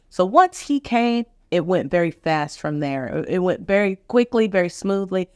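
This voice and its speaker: With a fairly low, expressive, slightly mellow and smooth voice, a middle-aged woman doctor who hosts a podcast recounts a personal story vividly and with deep feeling, voicing each other person herself. She speaks at a moderate pace with hardly any pauses, in a dry, clean studio recording.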